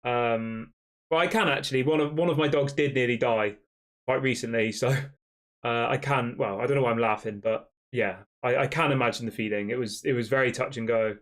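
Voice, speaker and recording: Reading out questions from fan chat, a young man casually runs a football live stream, his replies full of fillers and restarts. He speaks fairly quickly in a mid-range voice.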